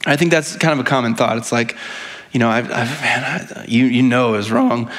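Brisk and fairly bright, this man's voice is mid-range. He preaches an earnest, chatty sermon, often starting over and turning to the congregation with "right?"

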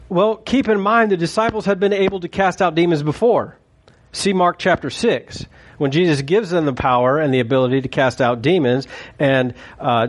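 A man preaching a sermon in a conversational, joking way, acting out quotes as he goes. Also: fairly high pitch. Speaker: pastor.

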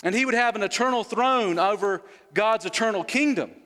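A man's voice: high voice, a little fast, a bit bright, in a large hall. A man preaching an expository sermon, earnest, repeating words for emphasis and putting questions to his listeners.

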